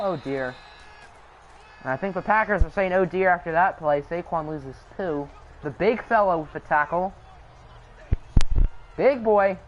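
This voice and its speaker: Young man, high voice, live game commentary, chatty, muffled mic, faint hiss. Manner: chatty, answers live chat, jokes. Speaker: channel host.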